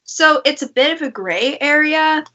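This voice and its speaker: A woman's voice: sits high, lively intonation, moderate pace, bright, forceful tone, dull audio. A woman narrating a tabletop game as game master, patiently explaining the rules.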